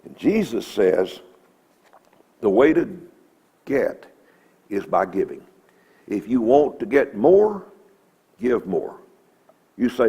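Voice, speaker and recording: A man's voice: fairly low pitch, big pitch swings, takes it slowly, creaky, long pauses, dark tone, slightly rough, highs cut off. A man giving a folksy, emphatic Bible lesson in a church, quoting scripture. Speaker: Bible teacher.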